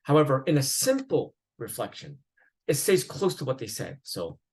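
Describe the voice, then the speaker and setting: A man's voice: medium pitch, very animated, normal speed, darkish tone, husky, low-quality recording. A man lecturing at a psychiatry conference in a conversational way, with fillers, restarts and the odd laugh.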